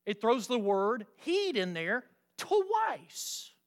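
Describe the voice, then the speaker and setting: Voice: mid-range voice, very animated, extremely slow. A preacher giving an emphatic sermon, often asking the listeners rhetorical questions in a folksy, teasing way.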